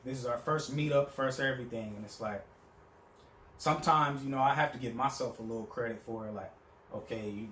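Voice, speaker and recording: A man's voice: mid-range voice, brisk, fairly bright tone, roomy sound, slight background noise. A young man telling a story in a casual, profane monologue, acting out the people he quotes. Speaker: vlogger.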